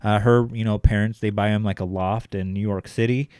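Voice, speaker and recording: Low-voiced guy rambling through a story. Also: steady tone, a little fast, a little mellow, smooth, dry recording, studio quality. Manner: rambling, heavy on fillers and swearing. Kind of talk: casual storytelling chat.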